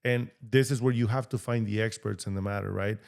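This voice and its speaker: A man from Mexico, a real estate agent guesting on a podcast, telling his life story in a lively way and acting out the voices of people he quotes. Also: fairly low pitch, brisk, creaky. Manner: animated, acts out quoted dialogue. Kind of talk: storytelling interview talk.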